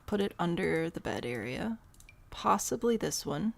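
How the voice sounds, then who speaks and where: A woman's voice: fairly low pitch, sing-song, a little slow, vocal fry. A young woman giving casual, rambling gameplay commentary, thinking aloud and poking fun at herself. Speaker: gameplay host.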